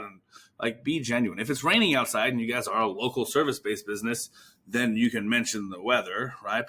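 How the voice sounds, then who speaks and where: A man hosting a podcast for physical therapists, talking casually and acting out sample phone calls in quick put-on voices. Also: medium pitch, bright, forceful tone, husky. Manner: casual, swears now and then. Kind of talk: casual coaching talk.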